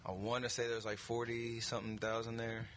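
A man in his thirties, a professional athlete, giving a relaxed, hesitant interview answer. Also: mid-range voice, brisk, slight background noise.

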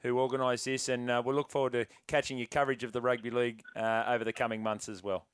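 A man's voice: mid-range voice, little pitch movement, fast, clean tone. A man, a radio host wrapping up an interview in an easygoing, appreciative way.

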